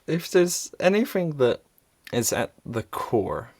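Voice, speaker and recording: A man hosting an interview, asking open questions and softly backing the guest with short sounds of assent. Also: a little high, big pitch swings, takes it slowly, slightly rough, dry recording. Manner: soft listener, many "mm"s between guest's lines. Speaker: podcast host.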